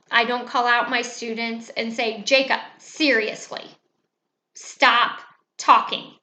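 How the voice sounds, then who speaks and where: A woman teacher calmly explaining how she runs her classroom, speaking in a measured way with frequent "um"s. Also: on the high side. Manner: calm, measured, with many fillers. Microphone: webcam. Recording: echoey room.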